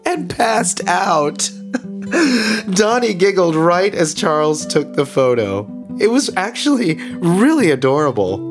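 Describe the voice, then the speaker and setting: An actor playing a cheerfully devout male radio host who delivers grim news in a bright, chatty way. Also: sits high, big pitch swings, slow pace, exaggerated voice. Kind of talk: scripted radio drama narration. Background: faint guitar music.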